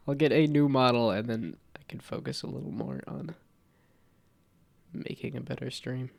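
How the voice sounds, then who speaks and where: Man, streamer, stuffy cold, gravelly, rambling self-deprecating chat, low energy. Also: normal speed. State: congested from a cold. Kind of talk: casual live-stream chat while working.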